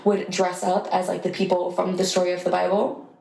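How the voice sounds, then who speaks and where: A woman's voice: fairly low pitch, level tone, a little fast, gravelly, a little mellow. A young woman co-hosting a podcast, chatting and telling stories with lots of giggles. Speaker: podcast co-host. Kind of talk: casual chat. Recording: echoey room with faint noise.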